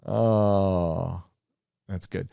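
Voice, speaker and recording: A man's voice: low-pitched, steady tone, very slow, gravelly, dark tone, clear, resonant tone, no room sound. A man hosting a live stream, reading viewer donations aloud and answering them with joking, profane, rambling asides. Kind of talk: casual live-stream chat.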